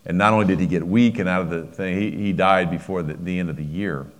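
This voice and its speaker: Deep voiced middle-aged preacher guy, heartfelt story, stumbles and restarts a lot. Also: steady tone, fast. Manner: personal, emotional storytelling with frequent restarts. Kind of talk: sermon storytelling.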